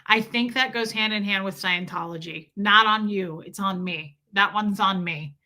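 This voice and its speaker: A woman's voice: mid-range voice, moderate pace, bright, forceful tone. A middle-aged woman hosting a casual live stream, chatty and laughing as she reads viewer comments aloud. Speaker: livestream host reading chat.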